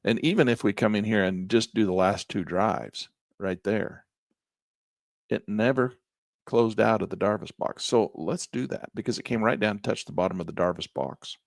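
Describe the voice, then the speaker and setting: A man teaching trading as he walks through a chart, in a folksy, animated way with slangy asides. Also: fairly low pitch, normal speed, vocal fry, no echo, clean studio sound. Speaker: trading instructor. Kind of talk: chart-walkthrough lesson.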